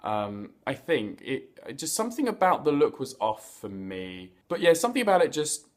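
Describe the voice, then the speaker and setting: A man's voice: mid-range voice, wildly swooping pitch, normal speed. Chatty campy man hosting a review vlog. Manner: chatty and playful, with campy slang and asides; stumbles over words now and then. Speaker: host of a reality TV review vlog. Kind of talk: casual spoken review.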